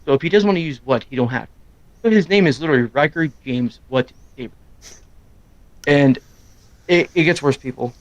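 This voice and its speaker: A middle-aged man chatting casually on a live stream, loud and quick, rambling from story to story. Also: on the high side, no echo, lo-fi sound. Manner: loud, fast-talking, rambling. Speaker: streamer co-host. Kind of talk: casual chat.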